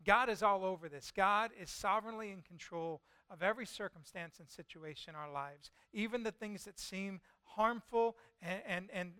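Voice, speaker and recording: A male pastor preaching a sermon and retelling a scripture story with lively storytelling. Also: high voice, smooth, no echo. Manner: lively storytelling, voicing God and Jonah in quotes.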